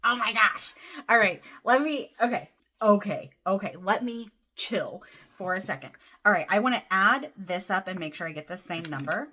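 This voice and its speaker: A woman vlogging about her budget, counting cash under her breath and then gushing with excitement. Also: medium pitch, normal speed. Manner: excitable, counts money aloud softly then gushes. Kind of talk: casual vlog, counting cash. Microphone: desk camera mic, off-camera voice.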